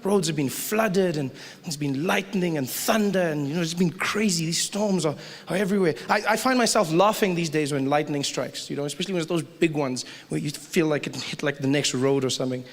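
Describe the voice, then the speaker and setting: A man doing a stand-up comedy set, animated and joking, slipping into quick put-on voices. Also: fairly high pitch. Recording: live hall recording with audience noise.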